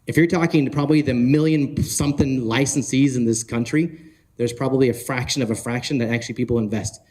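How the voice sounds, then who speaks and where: A man giving an energetic talk at a conference, often asking the audience questions and joking with them. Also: mid-range voice. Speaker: conference speaker. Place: conference hall.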